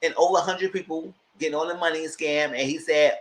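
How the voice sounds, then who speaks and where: Animated man recapping a reality show. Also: quick pace, rough recording. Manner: animated, jumps to high-pitched exclamations when acting out reactions. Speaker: YouTube reviewer. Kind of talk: casual recap commentary.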